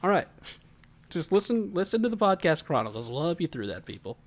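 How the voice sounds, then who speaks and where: A man's voice: on the high side, very animated, brisk. A man in his twenties co-hosting a podcast, chatting casually with rambling, joking stories. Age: 20s. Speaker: podcast co-host. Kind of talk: casual chat.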